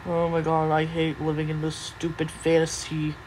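A woman's voice: low-pitched, monotone, normal speed, very noisy. A young woman voicing many cartoon characters in a playful, silly way. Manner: playful, silly voices, giggly.

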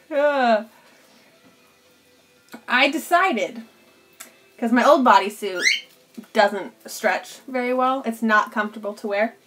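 A woman streaming cosplay work from home, chatting casually with viewers and her pet bird, laughing often. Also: fairly high pitch. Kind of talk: casual live stream chat.

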